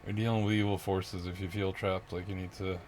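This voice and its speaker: A man's voice: low-pitched, level tone, brisk, darkish tone. A man ranting in a rambling monologue, out of breath, restarting often and laughing bitterly between thoughts. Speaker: vlogger. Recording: noisy background with vehicle sounds.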